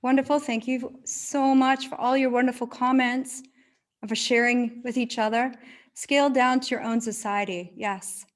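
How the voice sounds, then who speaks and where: A woman's voice: fairly high pitch, steady tone, moderate pace. A woman hosting an online event on a video call, affirming speakers with short praise words. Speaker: event host.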